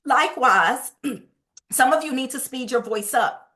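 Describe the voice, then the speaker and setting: High-voiced fast-talking woman trainer. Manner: lively and emphatic, talks fast by habit. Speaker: sales trainer. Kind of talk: motivational training talk.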